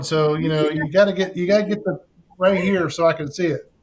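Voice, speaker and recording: A man's voice: on the high side, steady tone, a little fast. A man hosting a live stream, chatting casually and joking with frequent laughs.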